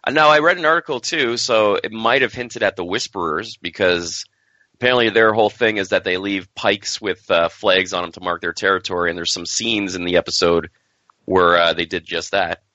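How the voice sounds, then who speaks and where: A man co-hosting a casual podcast chat, talking in a lively, offhand way. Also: low-pitched, moderate pace, dry recording. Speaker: podcast co-host. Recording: dull lo-fi podcast audio.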